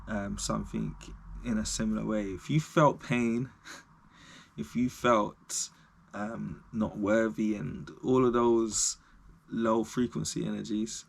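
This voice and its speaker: Slow, gravelly man musing to camera. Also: lowish voice, a little hiss or hum. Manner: reflective, rambling, laughs at himself. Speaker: vlogger. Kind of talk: unscripted talk to camera.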